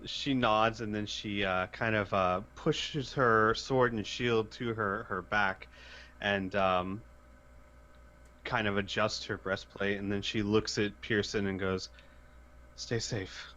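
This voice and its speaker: A man's voice: lowish voice, steady tone, slow pace, pushed and bright. A man running a tabletop game as game master, narrating in a hesitant way with many fillers. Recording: dull lo-fi voice chat.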